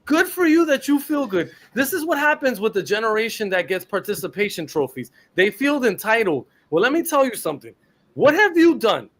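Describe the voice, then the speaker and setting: A man's voice: high-pitched, fairly bright tone. A man, co-hosting a sports podcast and delivering a blunt, profane rant about a ballplayer. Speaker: podcast co-host.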